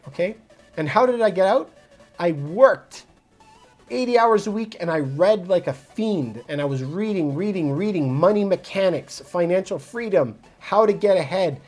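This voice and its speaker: A realtor from Montreal, Canada, fields viewers' chat questions on a phone livestream. The delivery is direct and casual, with a motivational push. The voice sits at a middle pitch, and faint music plays in the background. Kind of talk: livestream Q&A answering chat comments. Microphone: phone mic.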